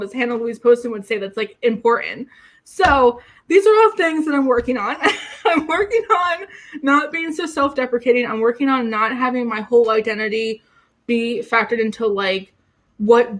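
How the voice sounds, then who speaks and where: A young woman chatting casually on a livestream, rambling with lots of fillers and restarts in an excitable way. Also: on the high side. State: getting emotional. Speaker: YouTuber on a livestream.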